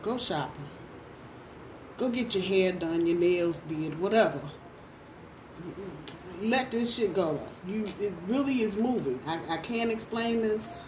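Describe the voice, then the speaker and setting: A woman's voice: mid-range voice, lively intonation, a little slow, pauses often. A woman giving a casual tarot reading in a blunt, profane way, repeating phrases for emphasis. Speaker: tarot reader. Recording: roomy, distant mic, faint background noise.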